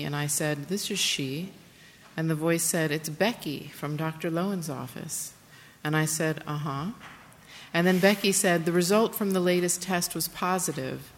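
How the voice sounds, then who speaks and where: Woman with a low voice reading from her own book, intimate and plain, roomy hall, bit of background hiss. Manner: intimate, plain-spoken reading with hesitant asides. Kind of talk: reading aloud from a memoir.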